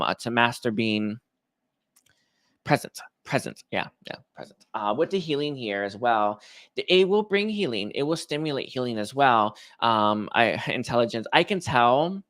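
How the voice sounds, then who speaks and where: A man's voice: medium pitch, dry recording, clean studio sound. Man giving a rambling tarot reading. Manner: rambling, hesitant, full of restarts and soft laughs. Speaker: tarot reader.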